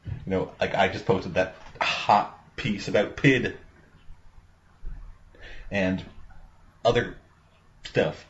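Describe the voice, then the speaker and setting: A man's voice: low voice, fairly even intonation, takes it slowly, long pauses, fairly bright tone, lo-fi sound. A man hosting a casual movie commentary podcast over an online call, rambling and swearing freely. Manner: profane, rambling. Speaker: podcast host. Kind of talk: casual commentary-track chat.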